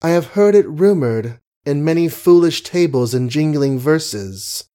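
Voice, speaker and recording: A man reading an audiobook, voicing a cynical gentleman poseur who speaks in an ironic, lofty, theatrical manner. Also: a little high, expressive, a little slow, pitched above the performer's own voice.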